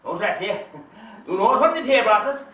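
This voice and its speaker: A man with an Irish accent playing a loud, teasing, scheming countryman in an amateur stage play, heard from far off on an echoey stage. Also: very high voice, very animated, fairly quick, full character voice. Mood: boisterous. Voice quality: teasing, boisterous and pushy. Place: theatre stage. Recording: echoey stage recorded from far off with faint hiss.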